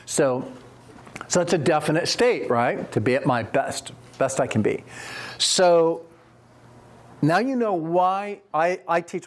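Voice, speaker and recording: Male corporate trainer, slightly high voice, conversational workshop delivery with frequent check-ins. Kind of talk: live training workshop talk.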